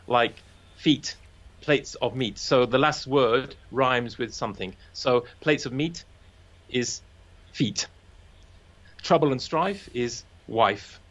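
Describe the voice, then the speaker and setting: A man's voice: mid-range voice, slow, a bit bright, dull audio. A man chatting casually about language and slang, playfully acting out quoted voices.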